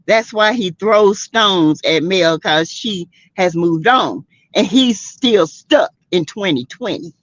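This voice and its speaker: A South Carolina woman hosts a livestream, giving sassy, outspoken, slangy commentary on a reality show to her live chat and laughing often. Her voice is mid-range and fairly bright, with no room sound and the highs cut off.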